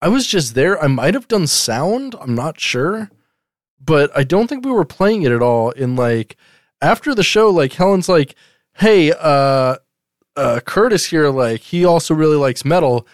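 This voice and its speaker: Lively, animated man co-hosting. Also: a little high, unhurried, dry recording, clean studio sound. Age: 30s. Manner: animated, swears freely, rambling. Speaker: podcast co-host. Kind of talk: casual podcast chat.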